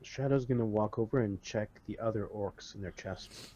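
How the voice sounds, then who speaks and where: A man playing a tabletop game, describing his character's actions in relaxed banter. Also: lowish voice, moderate pace, dull audio. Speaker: player. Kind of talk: casual tabletop play.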